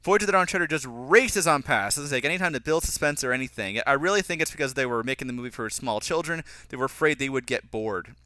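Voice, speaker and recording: A young man giving a casual, critical film commentary, animated and mocking characters' lines as he goes. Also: medium pitch, quick pace, hardly any pauses, dry recording. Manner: animated, mocking voices when quoting characters. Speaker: film reviewer.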